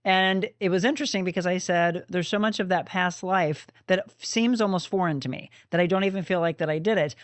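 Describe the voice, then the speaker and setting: A woman hosting an interview talk show, speaking in an upbeat, brisk way. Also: lowish voice, no room sound.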